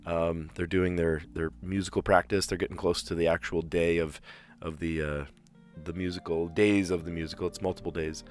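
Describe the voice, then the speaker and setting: A man streaming a puzzle game, chatting casually and thinking aloud with fillers, clearing his throat now and then. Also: sits low, level tone, moderate pace, hardly any pauses, faint music behind. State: slight cough, clearing throat. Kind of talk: casual live-stream chat while solving puzzles.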